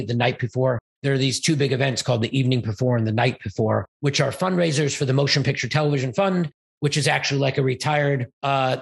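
An event organizer from Los Angeles, appearing as an interview guest, tells a rambling, animated story and acts out the quoted dialogue. His voice is medium-pitched, creaky, and husky.

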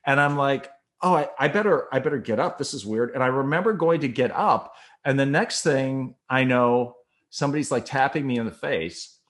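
A middle-aged man telling a personal story in a rambling, animated way, acting out his own thoughts. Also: medium pitch. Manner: rambling, animated retelling with quoted inner thoughts.

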